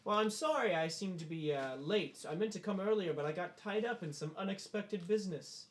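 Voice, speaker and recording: A man's voice: high voice, expressive, brisk, pitched above the performer's own voice. A man playing a silky, falsely polite official.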